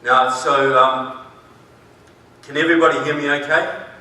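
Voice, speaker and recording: A man's voice: a little high, fairly even intonation, unhurried, bright, forceful tone, far from the mic. New Zealand man speaking in an echoey hall. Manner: folksy, joking, emphatic. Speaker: conference speaker. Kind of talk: conference speech. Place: large conference hall.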